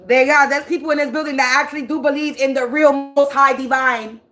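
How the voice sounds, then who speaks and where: A woman's voice: sits high, steady tone, brisk, a bit bright, soft background music. A woman, a spiritual reader, ranting on a livestream in a blunt, profane and preachy way, drawing out words for emphasis. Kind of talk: livestream rant.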